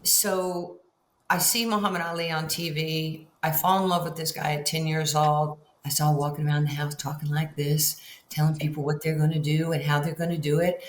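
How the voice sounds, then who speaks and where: At a moderate pace and with a low voice, a sixty-something New Yorker recounts stories in an interview, animatedly imitating the voices she quotes. The sound is roomy and echoing, with faint ambience and a touch of hiss or hum.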